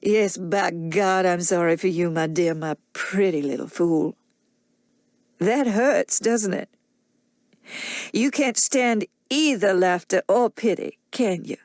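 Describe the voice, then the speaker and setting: A drunken husband with a slow, sneering drawl, as a woman reader puts him on. His voice sits low and unhurried, full of mockery. The audiobook recording is dry and close. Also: a little mellow, no room sound. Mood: mocking. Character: drunken mocking Southern gentleman, menacing husband.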